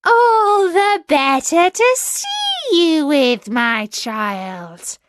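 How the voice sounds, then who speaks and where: A woman voicing a sly, hungry male wolf in a storybook, drawing the words out slowly. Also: high-pitched, animated, voice pushed up, exaggerated voice.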